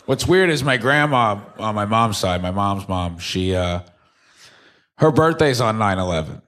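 A young man from Staten Island doing a crude, deadpan stand-up comedy set on a club stage. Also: fairly low pitch, measured pace. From Staten Island, New York. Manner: deadpan, crude, shifts into mocking voices for quoted people. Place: comedy club stage before a laughing audience.

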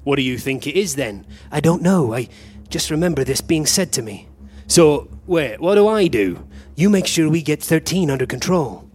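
A bickering time traveler man, fast jokey back and forth, higher voice, live stage comedy. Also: lively intonation, darkish tone, husky. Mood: comic. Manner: quick comic banter, yelping in scuffles. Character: bickering versions of one male time traveler. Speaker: actor in a live comedy audio play.

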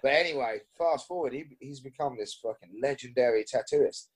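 Man, husky voice, rambling casual podcast talk, lots of swearing and restarts, guest on a chat show. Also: medium pitch, brisk. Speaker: podcast guest, BMX rider.

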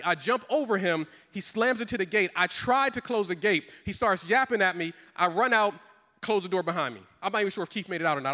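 A middle-aged pastor tells a comic story from the pulpit, animated and full of repetition. His voice sits high and bright. The sound rings out in a large hall with a long echo. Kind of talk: sermon storytelling.

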